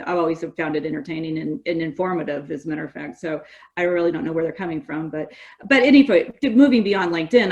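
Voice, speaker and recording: A middle-aged woman from California, a guest on a podcast, talking in a lively, story-driven conversational way. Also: on the low side. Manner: animated storyteller, quotes others in lively voices. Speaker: guest, gas industry association representative.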